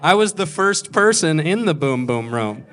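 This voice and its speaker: A young man tells stand-up stories about himself from a comedy club stage. He mocks himself and jumps into other people's lines with quick put-on voices. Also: fairly high pitch, sing-song, fairly bright tone. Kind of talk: stand-up storytelling.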